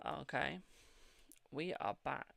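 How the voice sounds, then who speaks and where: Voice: lively intonation, slow, vocal fry, sharp tone, dry recording. A tarot reader hosting a live stream in casual chat, filling talk with "like" and calling viewers darling. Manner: chatty, fills with "like", calls viewers darling and Boo; yawning, low-key.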